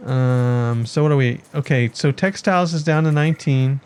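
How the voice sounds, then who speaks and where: A man's voice: mid-range voice, normal speed, a little mellow, clean tone. A man giving casual commentary on his city-building game, thinking aloud and chatting to his villagers as he plays. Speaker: let's play gamer.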